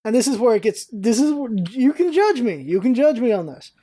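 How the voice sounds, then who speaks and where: A woman vlogger telling a story in a casual, animated way, acting out quoted lines in a raised voice. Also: a little high, brisk, breathy edge.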